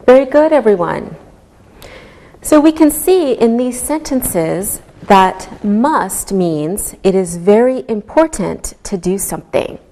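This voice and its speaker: Woman English teacher, unhurried classroom delivery, even mid-range voice. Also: mid-range voice. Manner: slow, clearly enunciated teaching voice. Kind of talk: slow classroom instruction.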